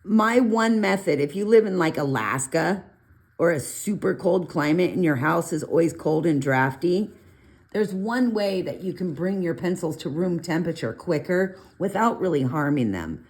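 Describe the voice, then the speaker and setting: Chatty low-voiced woman giving art tips. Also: normal speed. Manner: chatty, rambling asides, animated pitch jumps. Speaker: colored pencil artist reviewing pencils. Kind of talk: casual art tutorial talk.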